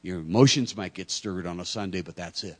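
A middle-aged pastor preaching a sermon, acting out lively stories with self-deprecating humor and stammers. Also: male voice, low voice, brisk. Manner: animated storytelling, acting out dialogue.

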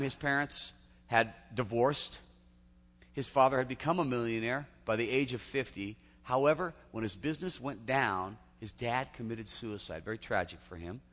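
A man's voice: medium pitch, fairly bright tone. A man preaching a sermon in a chatty storytelling way, often restarting his sentences. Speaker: pastor. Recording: long hall reverb.

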